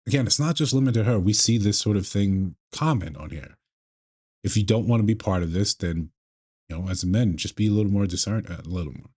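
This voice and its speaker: A man commenting on a video clip in a measured, lecturing way, often restarting his sentences. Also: sits low, darkish tone, slightly rough. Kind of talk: casual commentary.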